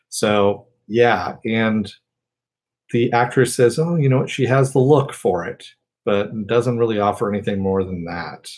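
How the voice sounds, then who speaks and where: Male reviewer, low husky voice, casual rambling episode recap. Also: darkish tone. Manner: rambling, filler-heavy retelling. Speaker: TV review host.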